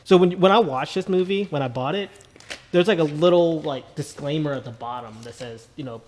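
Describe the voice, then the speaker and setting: A man's voice: a little high, fairly quick, darkish tone. A man co-hosting a podcast, telling a story in rambling casual chat with lots of "like" and "dude". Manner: rambling, many restarts and "like", "dude". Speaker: podcast co-host.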